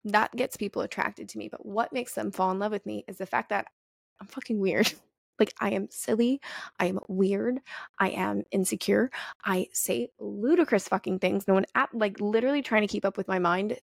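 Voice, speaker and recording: Podcast host, young woman, candid and swearing freely, gravelly edge, dry close sound. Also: medium pitch, moderate pace, no echo. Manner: candid, profane, animated storytelling. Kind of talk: casual solo podcast monologue.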